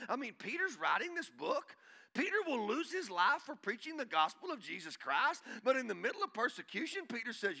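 A male pastor preaching a sermon, swinging from shouting to hushed intensity and calling out to the congregation. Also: very high-pitched, sing-song, fairly quick, vocal fry. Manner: calls out to the congregation.

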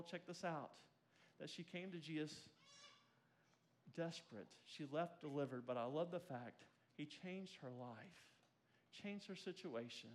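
A man's voice: on the high side, slight background noise. A man preaching a sermon, telling a personal story with energy and calling on the congregation to respond. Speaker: pastor.

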